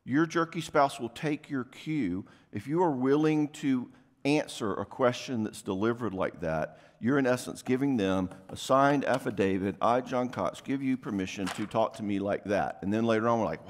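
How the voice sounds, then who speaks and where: Male conference speaker, mid pitch, easygoing talk, long hall echo. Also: expressive. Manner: conversational, quick asides and acted-out quotes. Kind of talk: casual workshop talk. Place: church venue, live talk.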